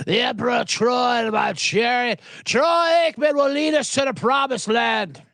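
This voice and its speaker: A man's voice: extremely high pitch, a little slow, creaky, pushed and bright, no echo, clean studio sound, voice pushed up, heavily acted. A man putting on a grandiose herald. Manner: grandiose, declaiming. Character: pompous herald hailing a godlike emperor.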